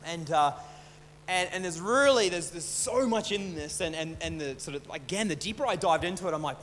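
High-voiced pastor in a reverberant hall. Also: male voice, big pitch swings, fairly quick, a bit bright. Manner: casual, repeats and restarts words. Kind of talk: conversational sermon. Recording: long hall reverb, faint hum.

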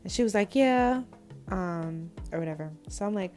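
A woman's voice: medium pitch, moderate pace, soft background music. A young woman telling a story in a casual, candid way, with blunt slang, talking straight to her listeners. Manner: animated and candid, addresses listeners as "y'all"; blunt slang-heavy speech.

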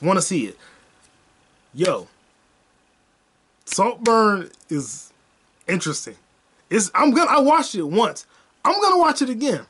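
High-voiced man, loose and profane. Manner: loose, profane, repetitive storytelling. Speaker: podcast host. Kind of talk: solo comedic podcast monologue.

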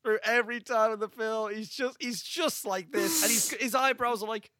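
A young man, co-hosting a casual film podcast, animated and laughing often. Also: sits high, normal speed, no room sound, studio quality. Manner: animated, laughs often, acts out scenes in funny voices. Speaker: podcast co-host.

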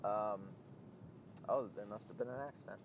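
A man's voice: lowish voice, normal speed, gravelly. A man talking casually while driving, swearing a lot and rambling as he loses his train of thought. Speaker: vlogger. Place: inside a car on the road. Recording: steady car road noise.

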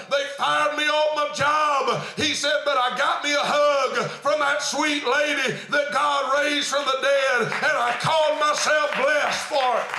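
A man, a pastor telling a story in a sermon, preaching fervently and rising into shouts, with many "uh" fillers. He is recorded in an echoey church sanctuary. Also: extremely high pitch.

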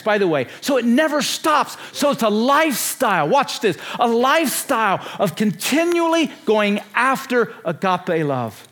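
Emphatic man in his sixties preaching, high voice. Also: fairly bright tone. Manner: emphatic and repetitive, with rhetorical questions. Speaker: conference speaker. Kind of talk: sermon.

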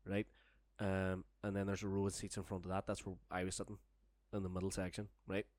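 A young man spins a meandering, foul-mouthed anecdote in relaxed podcast chat. His voice sits low, and the sound is dry and close with no room around it. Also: a little fast, no room sound. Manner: rambling, sweary, laughing storyteller. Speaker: storyteller guest.

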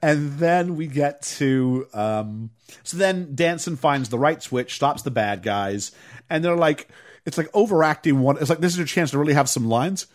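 A man casually recapping a movie on a podcast, telling it with lively energy and acting out lines in high voices. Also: normal speed. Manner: animated storytelling, acts out quotes in raised voices.

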